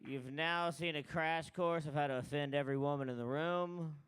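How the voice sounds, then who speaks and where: A man's voice: on the high side, steady tone, normal speed, fairly bright tone. A man hosting an open mic comedy night, brash and crude, teasing the crowd between acts. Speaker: comedy show host. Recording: live mic in a bar room.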